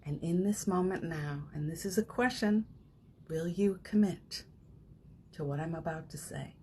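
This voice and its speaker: A woman hosting a live morning session as a spiritual coach, chatting casually and leading guided affirmations, with frequent laughs and soft, almost whispered phrases. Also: lowish voice, measured pace, a little hiss or hum. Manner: chatty, warm-hearted, laughs often, breaks into soft affirmations. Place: home, streaming live from her phone.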